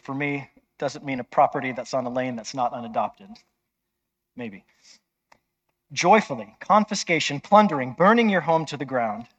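A man's voice: mid-range voice, normal speed, pauses often, fairly bright tone. A man preaching a sermon in an emphatic, conversational way, often checking with listeners.

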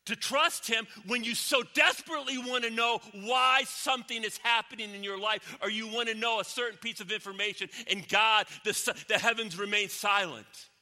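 Animated preacher, high bright voice. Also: male voice, normal speed, hardly any pauses. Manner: animated, swinging from loud exclamations to near whispers. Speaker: pastor. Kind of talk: sermon.

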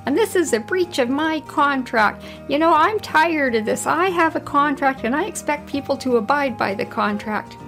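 A woman voicing an irate older male caller who complains loudly and indignantly. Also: extremely high pitch, big pitch swings, moderate pace, hardly any pauses, faint music behind, pitched above the performer's own voice, heavily acted. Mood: angry.

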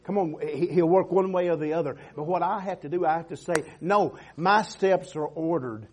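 A man preaching a fervent sermon in a church, rising to loud calls of "come on" and "amen". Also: high-pitched, fairly even intonation, fast talker, lo-fi sound.

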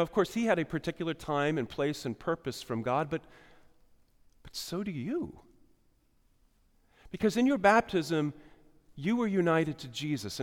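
A man preaching a sermon as pastor, shifting between loud emphasis and quiet asides. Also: mid-range voice. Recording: long hall reverb.

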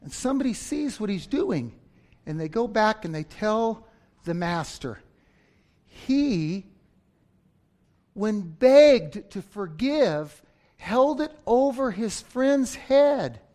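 Dramatic preacher man, shouts then hushes. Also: high voice, very animated, slow pace, long pauses. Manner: dramatic, swings from shouting to near-whispers; acts out story voices with humor. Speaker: pastor. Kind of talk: sermon.

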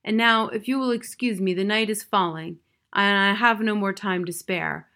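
A woman reading the lines of a wise, formal male owl in a grave, measured manner. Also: medium pitch, sharp tone. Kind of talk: audiobook reading.

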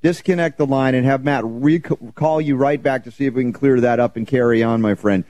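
A man's voice: medium pitch, brisk, dark tone, no echo, muffled recording. A worn-out male radio host talks loosely and laughs between lines. His voice sits in a mid register and comes across close and dry, with no room around it. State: worn out from travel. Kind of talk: casual radio chat.

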